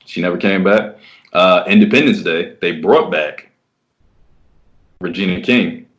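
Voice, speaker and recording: Deep-voiced laid-back man chatting. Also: a little slow, a bit bright. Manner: laid-back, laughs often, slips into mock voices. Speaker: podcast co-host. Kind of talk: casual comedic chat.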